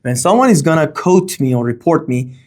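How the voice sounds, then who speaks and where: A man teaching a grammar lesson, speaking, often pausing on okay and uh and reading example sentences with a lifted tone. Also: fairly high pitch, lively intonation, a little mellow. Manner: explains slowly with many fillers and okays. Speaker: language teacher.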